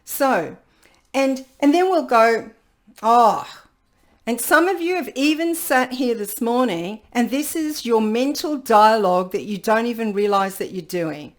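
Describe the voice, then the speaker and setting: A woman leading an online workshop over a video call, lively and playful, acting out what people think to themselves. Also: on the high side, unhurried. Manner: lively, playfully acts out people's inner dialogue. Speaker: workshop facilitator.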